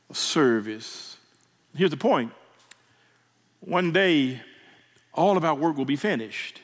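A man's voice: on the high side, animated, slow pace, long pauses, some chatter behind. A man preaching a sermon in a church, emotional and repeating words as he builds. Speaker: pastor. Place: church sanctuary. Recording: reverberant church hall.

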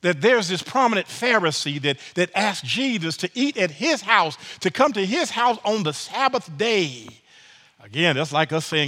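High, lively preacher in a big echoing hall. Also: male voice, normal speed. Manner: lively, folksy preaching with many repeated words. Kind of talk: sermon. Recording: long reverb of a large room.

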